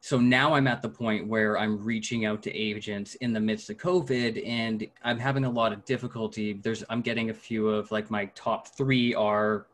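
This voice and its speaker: Male actor student, low voice, chatty and animated, on a video call. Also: normal speed, hardly any pauses. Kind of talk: asking a question on a video call.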